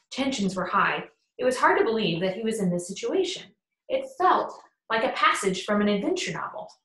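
A woman's voice: medium pitch, a bit bright. Woman narrating a classic story. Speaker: audiobook narrator. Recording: roomy echo.

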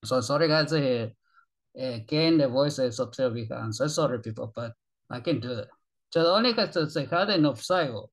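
Here a Spanish-speaking man from Argentina reacts to content for his YouTube channel, pitched in the medium range and speaking a little fast. His English is broken and rambling, and he's excitable and curses often.

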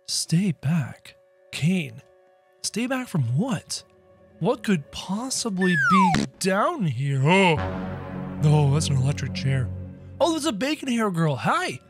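Excitable man narrating gameplay. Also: sits high. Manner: theatrical, excitable, yelps and shrieks. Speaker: gaming video host. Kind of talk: excitable game commentary.

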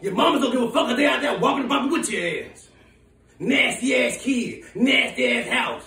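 A man playing a furious, foul-mouthed woman who runs a big city, ranting in shouts and laughter. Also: very high-pitched, moderate pace, exaggerated voice. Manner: shouting, profane, laughing rants. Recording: echoey room, voice from far off.

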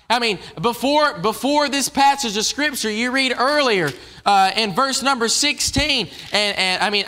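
A man's voice: very high voice, pushed and bright. A man preaching a casual evening sermon in a church, talking conversationally and often restarting his phrases.

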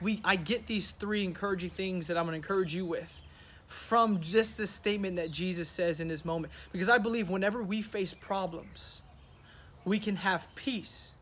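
A young man preaching as a youth pastor, earnest and animated, acting out the disciples' questions as he tells the story. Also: high-pitched, slight background noise. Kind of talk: sermon.

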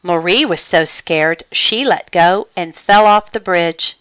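A woman reading a children's picture book aloud with expressive storytelling. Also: on the low side, slow pace, smooth, no room sound, highs cut off.

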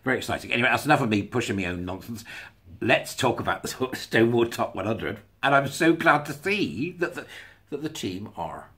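Husky man with lively, swinging pitch. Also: a little fast. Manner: sarcastic, chuckling asides. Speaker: video blogger. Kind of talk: casual commentary monologue.

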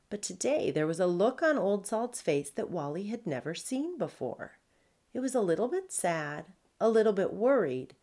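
A woman's voice: lowish voice, mellow. A woman author reading her children's chapter book aloud, expressively. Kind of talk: children's storybook read-aloud.

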